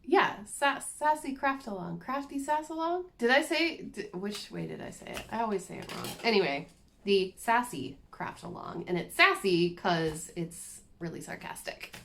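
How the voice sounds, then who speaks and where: A woman's voice: mid-range voice, wildly swooping pitch, moderate pace, a bit bright, slight background noise. A woman chatting casually and self-deprecatingly as she shows her cross-stitch projects to the camera. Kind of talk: casual show-and-tell chat.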